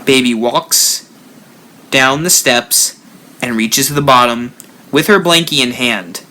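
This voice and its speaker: A man hosting a live stream, telling a spooky story with lively rises and drops. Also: medium pitch, takes it slowly, long pauses, slight background noise. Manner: animated storyteller, rising and dropping for effect. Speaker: haunt builder channel host.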